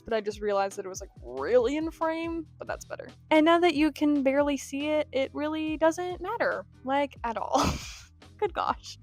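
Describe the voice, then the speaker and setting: Chatty higher-voiced woman book vlogger. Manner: chatty and rambling, self-deprecating. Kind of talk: casual reading vlog.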